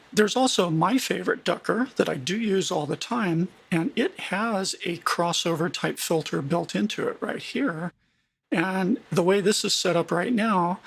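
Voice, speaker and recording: A man with a gravelly, slightly husky voice pitched a bit high walks through a music production tutorial on screen. He talks in a conversational, emphatic way, often restarting his sentences and using fillers.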